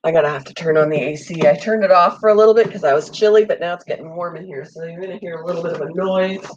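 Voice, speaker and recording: Talking at a quick pace in a fairly low voice, a pet channel host with a summer cold rambles through a friendly live chat with viewers, dropping many ums and an occasional cough. She's at home in a room with an air conditioner. The highs are cut off and there's slight background noise.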